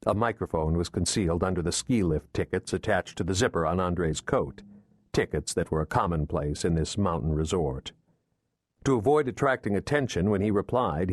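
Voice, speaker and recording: Male audiobook narrator, low voice, dry close sound, steady thriller reading. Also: no room sound. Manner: measured, steady storytelling.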